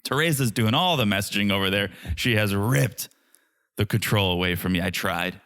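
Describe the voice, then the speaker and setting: A man's voice: lowish voice, moderate pace, fairly bright tone. A man co-hosting a casual podcast from an apartment, playful and joking. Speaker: podcast co-host. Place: apartment room.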